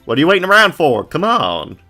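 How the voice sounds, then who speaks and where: A man's voice: mid-range voice, wildly swooping pitch, measured pace, creaky, pushed and bright, soft background music, voice pushed up, full character voice. A man voicing a brash, pushy Southern woman photographer in a game, talking in a folksy drawl with country slang. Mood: brash excited.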